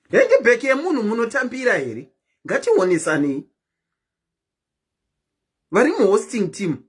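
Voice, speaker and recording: A woman's voice: mid-range voice, husky. A woman hosting a live stream, chatting casually and keeps asking her viewers questions.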